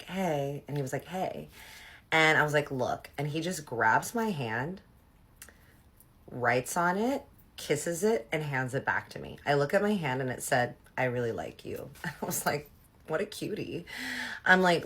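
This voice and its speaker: A woman telling a personal story in a casual, animated way, swinging between loud outbursts and soft asides. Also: extremely low pitch.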